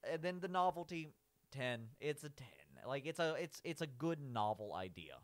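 Animated rambling man reviewing cartoons. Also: on the high side, moderate pace. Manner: rambling, says "like" constantly, restarts sentences, laughs at his own points. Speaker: YouTube commentator ranking cartoon villains. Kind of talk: casual rambling commentary.

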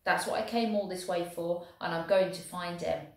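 A woman voicing a gentle, devoted young male soldier who talks soothingly to a horse. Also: lowish voice, fairly even intonation, moderate pace, lightly acted. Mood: earnest. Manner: soft, soothing talk to a horse. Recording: very echoey room.

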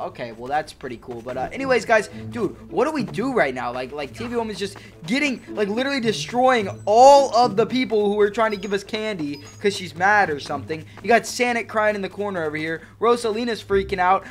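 A gaming video host giving excitable let's-play commentary, chatty and full of slang. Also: mid-range voice, fairly quick, hardly any pauses, soft background music.

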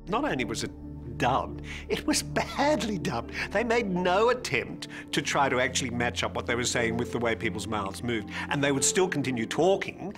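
A man's voice: medium pitch, sing-song, normal speed, music in the background. Wry male interviewee.

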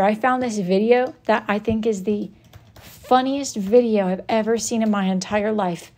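A woman's voice: mid-range voice, fairly even intonation, normal speed, darkish tone. A woman chatting with viewers on a live stream in a playful, theatrical way, often mock-scolding them. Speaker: livestream host. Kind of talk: casual live-stream chat.

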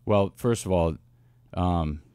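A man, a football coach, telling stories in a casual interview with lively asides and restarts. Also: sits low, clean tone, no echo, clean studio sound. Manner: animated storyteller, quick asides and restarts. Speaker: wide receivers coach, guest.

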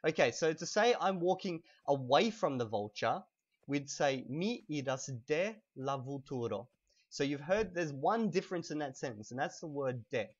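A young man giving a casual language lesson while playing a video game, relaxed and chatty, slowly stressing words so they can be heard. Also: on the high side, breathy edge, muffled recording. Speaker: language teacher.

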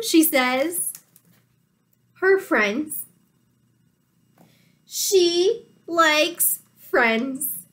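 Woman reading to small children, animated, very high voice, sing-song swings, gasping. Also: very slow, long pauses. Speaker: teacher. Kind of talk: children's picture-book read-aloud.

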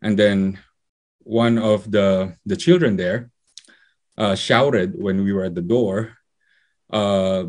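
A man delivers a sermon in a fairly low voice. He speaks conversationally, weaving personal stories into his teaching and leaning on fillers as he goes. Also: fairly even intonation, takes it slowly, long pauses, darkish tone. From Philippines. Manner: conversational, anecdotal preaching with fillers. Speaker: preacher.

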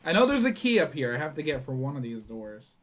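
A young man playing a horror game for his channel, reading the notes aloud, swearing and yelling when startled. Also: medium pitch, big pitch swings, fast. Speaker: gaming YouTuber. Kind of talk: horror game let's play commentary.

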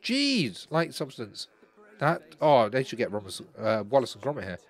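A man's voice: mid-range voice, very animated, moderate pace. A man hosting a gaming channel, chatting through a let's play and cheerfully talking to the game's characters.

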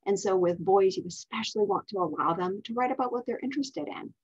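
A woman's voice: medium pitch, fast, slightly rough. A middle-aged woman, author of a writing curriculum, explaining how to teach it in a chatty way with frequent ums and restarts. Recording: dull lo-fi recording.

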